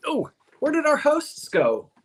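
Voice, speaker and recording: A man's voice: extremely high pitch, huge pitch swings, unhurried. A man with a South Jersey accent co-hosting a live video stream, chatting with viewers, curious and full of restarts. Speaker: livestream co-host. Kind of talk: casual live-stream chat.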